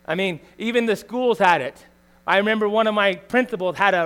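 A middle-aged man as pastor, preaching a conversational sermon full of rhetorical tag questions, swinging between loud emphasis and quiet asides. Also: high voice, sing-song, a little fast.

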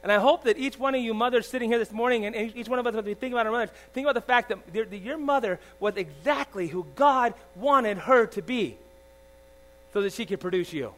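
A man in his forties preaching a sermon, swinging from loud emphatic lines to soft confiding asides, often asking the congregation "all right?". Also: extremely high pitch, fast, low-quality recording. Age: 40s. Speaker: pastor. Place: church. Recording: faint mains hum.

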